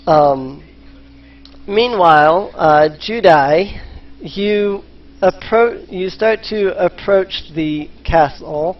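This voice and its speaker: A man narrating as game master of a tabletop game, hesitant and full of ums. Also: a little high. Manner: hesitant, lots of ums and restarts. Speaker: dungeon master. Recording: slightly muffled voice chat.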